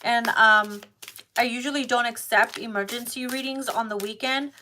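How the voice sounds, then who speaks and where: A woman's voice: fairly high pitch, steady tone, normal speed, sharp tone, a little hiss or hum. A woman giving a casual tarot card reading who talks straight to her viewers, blunt and full of swearing. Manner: profane, blunt and emphatic. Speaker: tarot reader.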